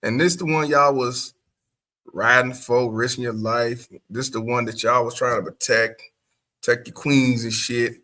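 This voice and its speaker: A man's voice: medium pitch, fairly even intonation, a little slow, bright, forceful tone. A man hosting a casual reaction show, profane and laughing often as he comments. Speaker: host.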